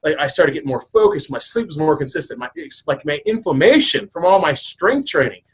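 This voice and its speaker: A man's voice: on the high side, sing-song, fairly quick, slight background noise, poor audio. A man in his thirties hosting a podcast, chatting casually and telling stories in a rambling way with many restarts. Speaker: podcast host.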